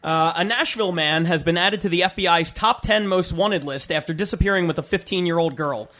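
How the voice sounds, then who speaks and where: A man appearing as a guest comedian on a podcast, giving short dry reactions and reading gag headlines deadpan. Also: fairly high pitch, brisk. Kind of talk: casual comedy podcast chat.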